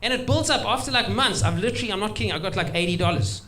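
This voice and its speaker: A man's voice: sits high, expressive, rapid-fire, noisy background. A man doing a chatty stand-up set, often laughing at his own jokes. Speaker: stand-up comedian. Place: stage at a live comedy show.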